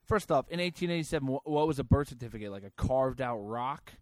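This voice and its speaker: A man's voice: mid-range voice, expressive, fast talker, no echo. A man hosting a comedy show, reading out news stories and ranting about them in a sarcastic, crude way. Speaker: podcast host.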